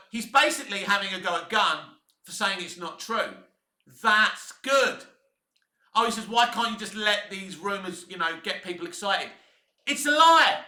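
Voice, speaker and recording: Cockney bloke ranting on his channel, high sharp voice, echoey room, swears a lot. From England. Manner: blunt, heated, swears freely. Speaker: YouTube film commentator. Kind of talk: opinionated commentary rant.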